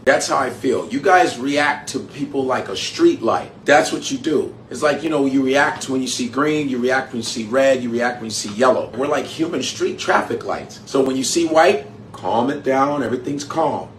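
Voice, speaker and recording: Dude ranting and swearing, telling a story, echoey room, bit of background noise. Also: male voice, mid-range voice, moderate pace. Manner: profane, animated, storytelling. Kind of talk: casual rant. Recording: roomy with faint background noise.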